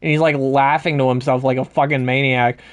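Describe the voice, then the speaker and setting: A casual podcast co-host at a middle pitch. The speech is hesitant and full of fillers, with a relaxed habit of swearing. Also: fairly quick. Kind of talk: casual chat.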